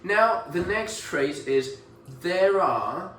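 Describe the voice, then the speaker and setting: A man's voice: high-pitched, animated, fairly bright tone, roomy sound, far from the mic, a little hiss or hum, poor audio. Encouraging British man coaching pronunciation. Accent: British English. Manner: encouraging, models words slowly and repeats them. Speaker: English pronunciation tutor.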